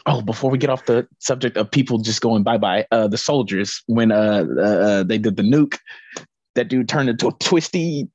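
A man co-hosting a podcast who talks in an excitable, loose way, swearing and laughing often. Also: on the low side, moderate pace, slightly rough, no room sound, dull audio. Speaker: podcast co-host. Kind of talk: casual chat.

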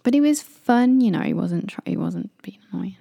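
This is a young English podcast co-host in casual conversation, spinning stories and voicing what others said in raised tones. She speaks at a moderate pace with medium pitch, lively intonation, and a creaky, dark quality that has a breathy edge. There's no room sound.

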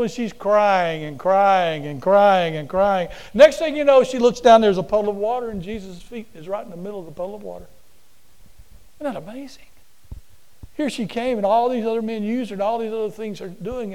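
Preacher man, high voice, folksy and animated, repeats himself telling a story. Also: clear, resonant tone, rough recording. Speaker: preacher and teacher. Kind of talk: storytelling sermon.

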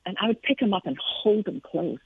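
A woman's voice: medium pitch, expressive, fairly quick, husky, no room sound. A middle-aged woman with a Scottish accent, speaking earnestly as an interview guest, telling personal stories about faith. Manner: earnest, reflective storytelling. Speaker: Christian author and speaker, guest. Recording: tinny phone line.

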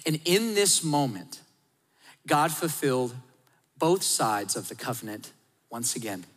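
A man preaching a sermon, shifting between lively storytelling and hushed, intimate emphasis. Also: on the high side, unhurried, slightly rough. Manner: dynamic, drops to hushed tones for emphasis. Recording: long hall reverb.

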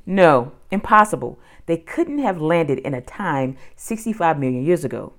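A woman's voice: sits low, sing-song, moderate pace. A woman reading a children's audiobook, voicing a cautious, skeptical young boy in a doubtful, fretful tone. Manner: doubtful, fretful, sometimes shouting.

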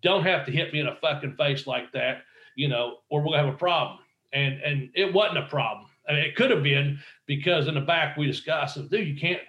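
A man's voice: on the high side, a little fast, echoey room, dull audio. A man, a former pro wrestler, telling rambling, profane anecdotes in a casual interview and acting out quotes.

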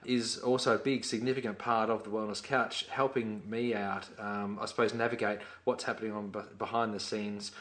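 An Australian man on a podcast, telling a story lively and acting out quotes. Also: on the low side, moderate pace, hardly any pauses. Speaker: podcast co-host. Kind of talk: casual podcast chat.

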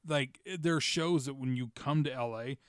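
A man hosting a podcast in casual chat, talking fast with frequent stammers and restarts. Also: medium pitch, clear, resonant tone, no room sound, clean studio sound. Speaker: podcast host.

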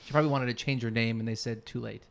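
A man's voice: mid-range voice, fairly even intonation, racing, fairly bright tone. A man co-hosting a podcast in casual chat, rambling and searching for his words mid-sentence. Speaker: podcast co-host.

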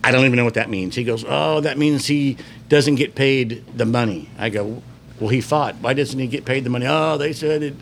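A man from Houston telling stories as a podcast guest, animated and acting out the dialogue. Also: brisk, a little hiss or hum. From Houston, Texas. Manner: animated storyteller, acts out dialogue with rising pitch. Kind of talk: casual storytelling.

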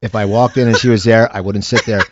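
A man's voice: lowish voice, fairly even intonation, quick pace, muffled recording, background noise. A man hosting a casual chat, telling rambling anecdotes with restarts. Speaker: podcast host.

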